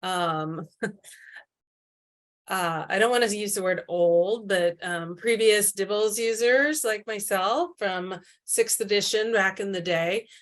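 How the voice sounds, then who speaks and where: A woman's voice: mid-range voice, slow. A woman co-presenting a teacher training, speaking casually with many fillers.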